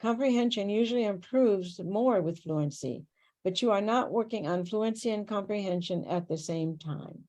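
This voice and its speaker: A woman presenting a tutor training workshop on a video call, reading prepared material in a clear, steady, instructive way. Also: mid-range voice, moderate pace, highs cut off.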